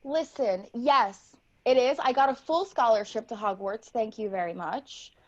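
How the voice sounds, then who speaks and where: A woman's voice: a little high, unhurried, a little mellow, lo-fi sound. A woman improvising a comedy scene, answering mock press questions in a playful voice. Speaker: improv player.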